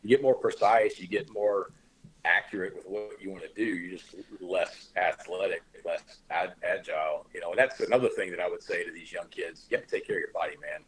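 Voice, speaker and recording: Low husky-voiced man giving advice. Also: a little fast, low-quality recording. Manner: laid-back, drawling, coach-like advice with slang. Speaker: podcast host. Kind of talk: casual podcast chat.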